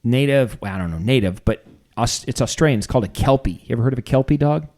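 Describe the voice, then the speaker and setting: A man in easy, comic podcast chat who rambles through stories and restarts. He keeps a mid-range voice and slips in deadpan jokes at his own expense. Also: medium pitch, quick pace. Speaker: podcast co-host. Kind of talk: casual comedic chat.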